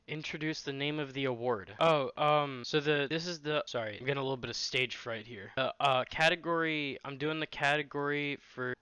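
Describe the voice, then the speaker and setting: A man with a bright, smooth voice hands out an award, rambling and poking fun at himself with mock-dramatic asides. The dry, dull-sounding home mic gives the recording a lo-fi feel. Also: on the high side, fairly even intonation, fairly quick, hardly any pauses, dry recording. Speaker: award presenter. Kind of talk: casual comedic presenting.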